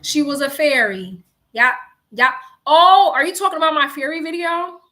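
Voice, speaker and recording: Young woman from New York, high voice, bright and sharp, casual storytime chat, swearing, slangy asides to viewers. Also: moderate pace. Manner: animated, swears freely, slangy asides to "girl" and "y'all". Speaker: live-streaming storyteller.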